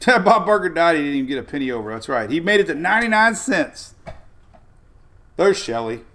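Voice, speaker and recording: A weather livestream host talks casually, going through viewer comments and rambling with frequent laughter. His voice runs on the high side with big pitch swings, a brisk pace, and a fairly bright tone.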